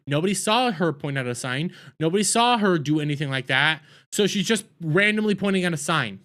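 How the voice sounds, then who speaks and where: An exasperated man rants through a TV episode review, his fairly high voice jumping from loud outbursts down to low mutters. He sounds fed up and keeps hammering his complaints. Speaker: TV review host. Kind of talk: ranting TV review.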